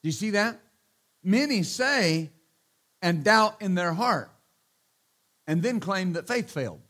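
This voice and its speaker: High-voiced emphatic male preacher. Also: animated, slow, a bit bright. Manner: emphatic, repeats hallelujah and amen, joking asides. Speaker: pastor. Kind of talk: sermon.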